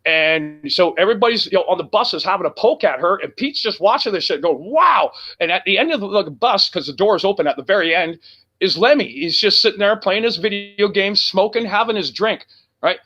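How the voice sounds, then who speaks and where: A man telling a profane, animated road story as a guest on a casual talk show. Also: sits high, fairly quick, highs cut off. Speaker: guest musician.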